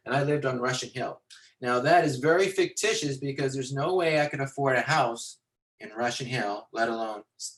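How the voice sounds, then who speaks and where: A man teaching storytelling to visual artists, animated and rambling with many fillers and restarts, talking into a computer on a video call. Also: medium pitch, rough recording. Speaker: storytelling instructor. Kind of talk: lecture with acted-out anecdote.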